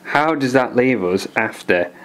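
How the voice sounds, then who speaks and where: A man hosting a podcast, chatting casually and briskly moving things along. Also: mid-range voice, expressive, fairly bright tone. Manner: brisk, moves the show along. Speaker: podcast host.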